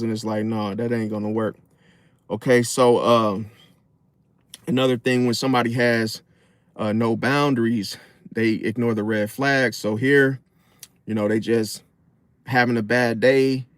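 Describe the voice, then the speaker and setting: A man talks through relationship advice in a loose, slangy monologue. His voice sits at an ordinary middle pitch, and he gets animated, now and then acting out other people in loud, high voices. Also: no echo. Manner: animated, acts out loud high-pitched interruptions, laughs often; casual slangy talk. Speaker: astrology commentator.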